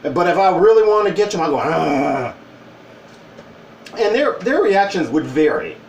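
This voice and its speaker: Man, mid-forties, casual vlog storyteller, lively swooping pitch, recorded distant in an echoey room. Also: quick pace, dull audio, a little hiss or hum. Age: 40s. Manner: animated, wry storytelling with quoted voices. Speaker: vlogger. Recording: roomy, distant from the mic.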